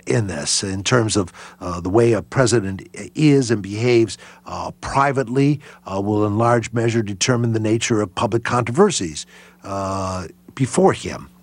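A man answering interview questions as a historian, halting and full of fillers and restarts. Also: on the low side, lively intonation, breathy edge, no echo. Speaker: historian guest.

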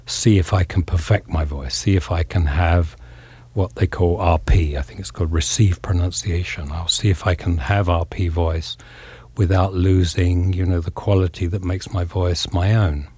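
A man from England, a guest on an interview, speaks thoughtfully with frequent pauses and fillers. His voice is very low, dark and husky, recorded dry and close. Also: fairly even intonation, dry recording. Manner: reflective, halting, many fillers. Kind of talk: casual interview talk.

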